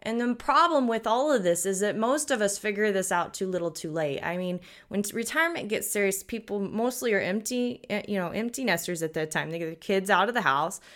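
A woman's voice: mid-range voice, expressive, brisk, hardly any pauses, fairly bright tone. A woman in her thirties from the United States hosting a podcast, telling stories in a chatty, folksy way with frequent chuckles. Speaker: podcast host. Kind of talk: casual podcast talk, storytelling.

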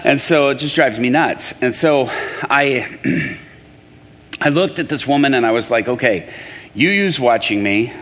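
A man in the middle of a testimony sermon, telling his story with animated energy, stumbling and restarting as he goes. His voice sits at an ordinary pitch for a man, and it rings with a long reverb, as if the mic were picking up a big hall. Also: measured pace.

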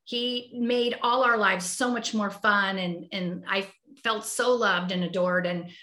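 A woman's voice: mid-range voice, steady tone, unhurried, pushed and bright, echoey room. A woman guest talking heartfelt and reflective in a conversational interview, often restarting her sentences. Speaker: podcast guest.

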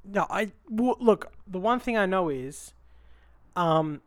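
A man's voice: sits high, expressive, slow, dry recording. Man, young, podcast co-host, dry teasing humor, dry close recording. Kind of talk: casual chat.

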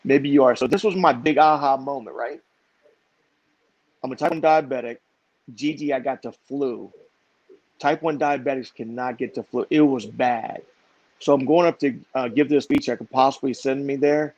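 A man being interviewed as a guest business owner, telling stories in a lively way and repeating words for emphasis. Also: mid-range voice, normal speed, no echo. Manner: animated, repeats himself for emphasis. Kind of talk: conversational storytelling. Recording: dry, slightly dull lo-fi sound.

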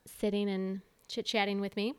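Young woman, podcast host, smooth voice, dry sound, bubbly, casual. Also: medium pitch, little pitch movement, normal speed, a little mellow, no echo. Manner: bubbly, lots of "like" and "you know". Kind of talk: casual interview chat. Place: her home, indoors.

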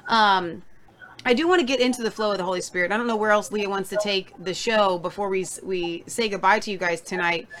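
A woman co-hosts a casual faith talk show with eager enthusiasm, often stumbling over and repeating words as she goes. Her voice sits at a mid pitch. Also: fairly quick, crowd noise. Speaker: co-host.

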